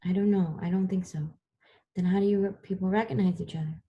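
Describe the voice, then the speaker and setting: A woman's voice: fairly low pitch, steady tone, quick pace, slightly rough, dull audio. A woman voicing a tired, whispering mother. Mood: tender. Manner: soft whispered bedtime voice. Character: tender tired mother comforting her son at night.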